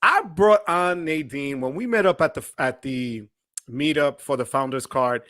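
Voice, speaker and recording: A man hosting a livestream, energetic and chatty, giving shout-outs to viewers. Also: on the high side, a little slow, no room sound, studio quality. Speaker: livestream host. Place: home studio.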